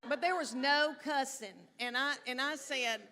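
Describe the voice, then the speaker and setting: This is a live stand-up set where a middle-aged woman with a high voice speaks unhurriedly, drawling through stories and acting out quotes. The background is noisy, with a loud crowd and laughter from the audience.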